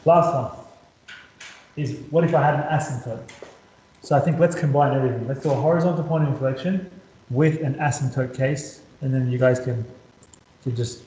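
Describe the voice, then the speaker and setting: A man's voice: medium pitch, normal speed, long pauses, mellow. A man tutoring maths in a casual whiteboard lesson, chatty and repetitive, talking students through each step. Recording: roomy echo, slightly dull lo-fi sound.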